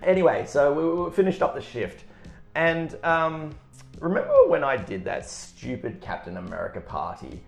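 A man's voice: on the high side, lively intonation, moderate pace, creaky. A man telling a rambling, self-deprecating story in casual chat, with many restarts. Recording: echoey room with faint music.

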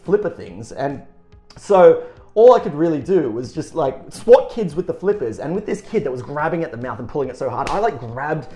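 A man telling a story in casual chat, animated and swearing, acting out voices. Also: a little high, moderate pace. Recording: roomy echo, faint music.

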